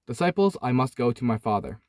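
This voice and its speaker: A man voicing Jesus as a solemn, commanding adult man, speaking in slow, earnest pronouncements in a lowered voice. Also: very animated, darkish tone, no room sound, studio quality, lightly acted. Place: inside a hot parked car.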